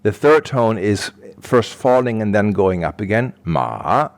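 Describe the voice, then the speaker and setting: Low-voiced middle-aged man explaining patiently. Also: unhurried. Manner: patient, explanatory, thinks aloud. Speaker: guest expert. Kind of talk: podcast interview, explaining.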